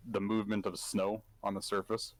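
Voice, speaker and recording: Low-voiced man running a tabletop game. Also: flat delivery, brisk, no room sound. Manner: hesitant, full of fillers. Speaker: game master.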